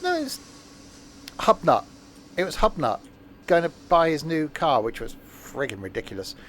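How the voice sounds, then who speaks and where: A man's voice: fairly high pitch, sing-song, normal speed, fairly bright tone, a little hiss or hum. A man streaming a train simulator, rambling and self-mocking, with many fillers. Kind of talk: live gameplay commentary.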